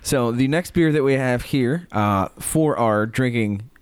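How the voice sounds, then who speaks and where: A man's voice: medium pitch, unhurried, smooth, no echo. A man co-hosting a beer podcast, introducing the beers with dry jokes and wry teasing. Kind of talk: casual chat.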